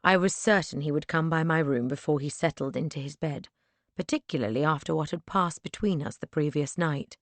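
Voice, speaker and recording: A woman narrating a first-person audiobook in a measured, earnest storytelling manner on a close mic. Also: deep voice, no room sound.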